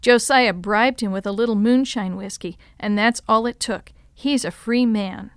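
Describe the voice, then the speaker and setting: A woman voicing a gruff, steady older man, a protective uncle, with a firm, level delivery. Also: fairly high pitch, moderate pace, dry recording, studio quality, natural voice. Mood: discouraged.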